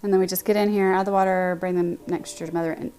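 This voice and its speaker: A woman's voice: fairly low pitch, flat delivery, fast talker, mellow, clean tone. Chatty woman baking on a livestream. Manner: chatty, reads and answers chat aloud, laughs often. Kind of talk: casual live-stream chat while baking. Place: home kitchen.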